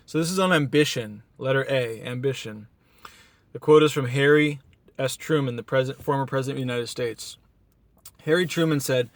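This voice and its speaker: Outdoors in a beach town, a sleep-deprived motivational vlogger gives a casual, earnest talk in one take on a camera mic, rambling with restarts as he hypes himself up. His voice is medium-pitched and fairly quick, and the recording is dry.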